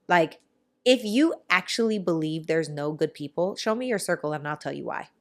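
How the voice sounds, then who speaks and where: A woman hosting a podcast in casual chat, telling stories in an animated, rambling way with quick asides. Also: low-pitched. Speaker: podcast host.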